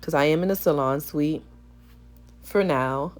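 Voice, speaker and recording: A woman hair stylist with a gravelly morning voice, chatting playfully to viewers in a salon vlog. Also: deep voice, slow. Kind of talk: casual voice-over vlog chat. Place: salon suite.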